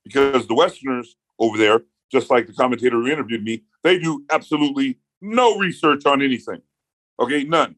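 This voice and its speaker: A man telling stories as a podcast guest, animated, with booming hype-man outbursts. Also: a little fast, no echo, low-quality recording. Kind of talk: casual podcast chat. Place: podcast studio.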